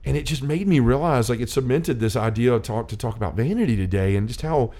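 A man's voice: mid-range voice, animated, fast talker, mellow. A middle-aged man hosting a faith-based chat, telling a personal story in an earnest, rambling way. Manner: earnest storytelling, many restarts and quoted dialogue.

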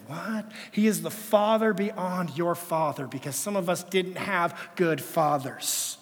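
Male pastor preaching, a little higher-voiced than most men, animated storyteller who drops to a hush and builds back up; long church reverb. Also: measured pace, few pauses. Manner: animated storytelling, swinging between loud and hushed. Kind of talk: sermon. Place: church sanctuary.

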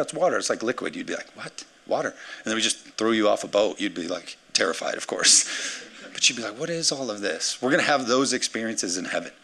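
A man preaches with a gravelly, fry-tinged voice that has a bright, forceful edge. He speaks as a pastor delivering an energetic sermon, slipping into playful acted asides. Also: mid-range voice.

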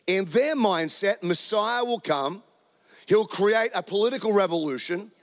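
A man's voice: high voice, measured pace, in a large hall. A man with a New Zealand accent preaching a sermon in a church, speaking into a handheld microphone, conversational and joking. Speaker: pastor. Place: church auditorium.

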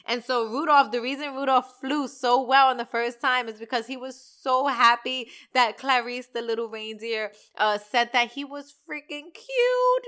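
A woman hosting her own podcast, ranting in a casual, animated way with lots of slang and swearing. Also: a little high, clean tone. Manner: animated, slangy and profane, talks fast. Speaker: podcast host. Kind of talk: casual solo podcast rant.

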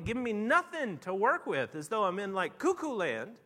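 A man preaching a sermon, telling a lively story with animated, rising outbursts before quieting down to make his point. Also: sits high, moderate pace, hardly any pauses, big-room sound. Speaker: pastor.

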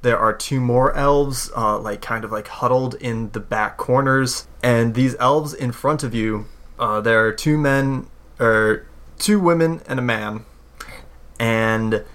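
A man narrating a tabletop role-playing game as game master, halting and full of fillers. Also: mid-range voice, a bit bright.

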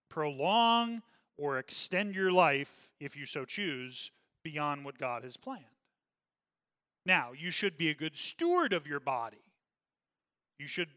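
A man leading a church Bible study, his voice pitched a little high and ringing bright. He talks earnestly and checks in with his listeners again and again. The hall carries a long reverb behind him. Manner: earnest, repeats "okay?" often.

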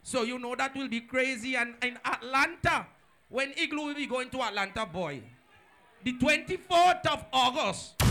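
A man with a Jamaican accent MCing a party, shouting announcements and hype to the crowd over a microphone. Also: very high voice, lively intonation, measured pace, slight background noise. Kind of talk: hyping a live party crowd over a mic.

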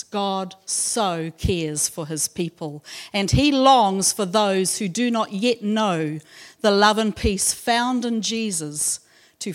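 A woman speaking at church, reading scripture and then telling a personal mission story with gentle humour. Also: lowish voice. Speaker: church speaker sharing a testimony. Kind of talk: devotional talk and personal story.

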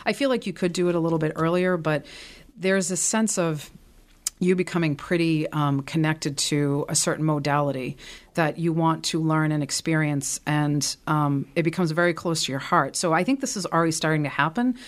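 Low-voiced woman reading tarot. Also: moderate pace. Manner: chatty storyteller, many fillers. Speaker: podcast host and tarot reader. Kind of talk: casual podcast chat.

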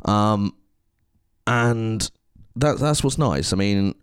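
A man's voice: fairly low pitch, drawn-out words, clean tone, dry recording, clean studio sound. A man co-hosting a casual podcast, speaking earnestly and from the heart. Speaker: podcast co-host.

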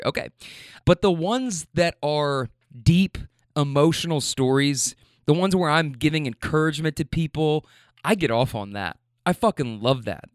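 A man's voice: a little high, clear, resonant tone, dry recording, studio quality. A man hosting a podcast, telling stories from his rides in a casual, profane, emphatic way that turns openly emotional. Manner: profane, emphatic, repeats himself; emotional, gets choked up. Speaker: podcast host and rideshare driver. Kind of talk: casual storytelling monologue.

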